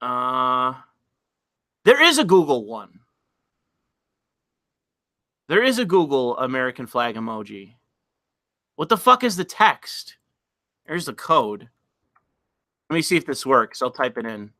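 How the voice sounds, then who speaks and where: A man's voice: medium pitch, big pitch swings, measured pace, long pauses, bright, forceful tone, no room sound, studio quality. A man hosting a casual live stream, talking to chat in a profane, exasperated way and laughing often.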